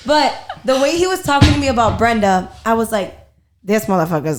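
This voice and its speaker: A young woman hosting a podcast, telling a family story in a casual, animated way and swearing freely. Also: a little high, brisk. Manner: animated, profane storyteller, quotes herself and others. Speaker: podcast host.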